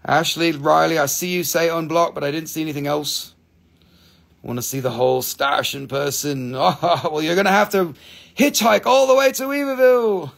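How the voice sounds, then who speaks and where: Gravelly guy with a slightly high voice hosting a live crystal sale, chatty, swears a lot. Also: moderate pace, a bit bright. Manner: chatty, swears freely, reads out viewer comments; stops to count and name items as he shows them. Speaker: live-stream crystal seller. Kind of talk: casual live sales chat.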